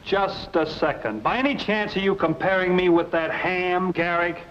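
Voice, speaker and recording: A man's voice: high-pitched, normal speed, close to an everyday voice. A man playing an exasperated jealous suitor. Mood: sarcastic. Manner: sarcastic, exasperated. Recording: lo-fi 1940s film soundtrack with hiss.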